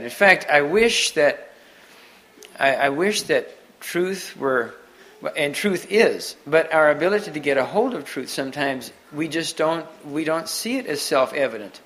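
A man giving an unscripted sermon to a Mennonite congregation, halting often and restarting his sentences. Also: a little high, sharp tone, low-quality recording. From Mennonite community. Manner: halting, many restarts and repeated words. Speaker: preacher.

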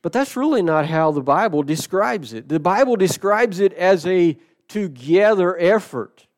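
A middle-aged man preaching a sermon, telling a story with sudden shifts between loud and soft and slow, stressed phrases. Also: sits high, lively intonation. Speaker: pastor.

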